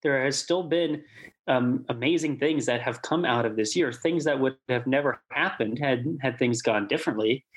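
A man's voice: medium pitch, normal speed. A man co-hosting a church podcast in casual chat, upbeat and chatty with many fillers. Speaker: podcast co-host.

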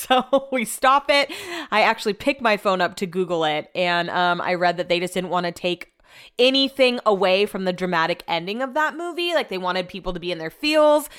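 A chatty young woman talks through her week on a solo podcast, rambling from one story to the next. She laughs easily and keeps the tone loose and conversational, with her pitch sitting at an ordinary middle height. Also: animated, a little fast, fairly bright tone, clear, resonant tone. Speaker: podcast host. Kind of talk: casual solo chat.

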